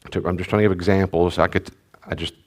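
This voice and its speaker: A man's voice: deep voice, fairly even intonation, fast talker, a little mellow. A middle-aged man, a pastor, teaching in a conversational, rambling way with restarts and asides. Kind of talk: sermon-style teaching talk.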